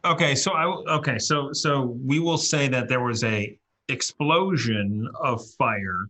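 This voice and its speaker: A man running a tabletop game as dungeon master, relaxed and halting, full of fillers. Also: medium pitch.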